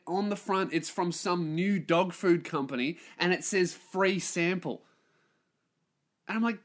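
Male podcast host, solo rant, profane and self-deprecating, slightly high pitch. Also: fairly bright tone. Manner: ranting, sweary, self-mocking.

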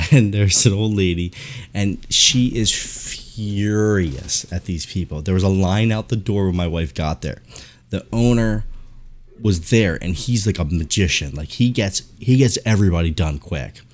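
A man hosting a podcast, telling a profane, animated story in casual chat and acting out the people in it. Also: on the low side. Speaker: podcast host.

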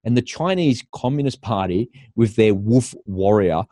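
Scornful Australian man, low and dry. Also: animated, normal speed, dark tone, dry recording. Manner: scornful, laughing at his own points. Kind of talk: opinion monologue.

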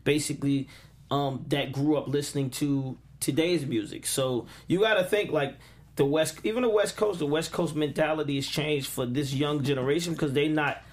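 A man in his forties, a guest in a studio interview, talking in a loose, relaxed way with plenty of fillers and restarts. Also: a little high, normal speed. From United States. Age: 40s. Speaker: interview guest, music producer. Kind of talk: casual interview chat. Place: radio studio.

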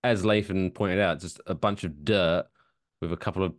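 A man's voice: deep voice, fairly even intonation, normal speed, no echo, clean studio sound. A man co-hosting a comedy podcast in casual chat, jokey and reading news stories aloud. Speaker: podcast co-host.

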